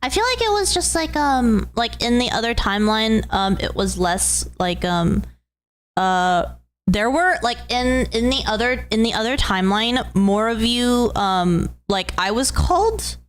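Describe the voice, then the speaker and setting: A woman streaming and chatting casually with her audience. Her voice sits a little high, and she talks in a fond, doting way. Her speech rambles warmly from one thought to the next. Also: animated, a little slow. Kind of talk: casual chat with viewers.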